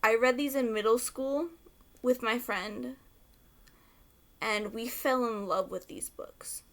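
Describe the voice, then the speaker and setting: A young woman talks straight to camera in a loose, rambling rant, excitable and quick to swear. Her voice sits a little higher than most. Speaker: book vlogger.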